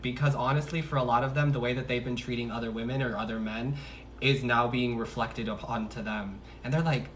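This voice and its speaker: A man's voice: medium pitch, fairly even intonation, brisk, a bit bright, distant mic, slight background noise. A man giving a casual tarot reading on a livestream, chatty and slangy, joking at his own asides. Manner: chatty, slangy, laughs at himself. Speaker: tarot reader. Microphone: phone on livestream.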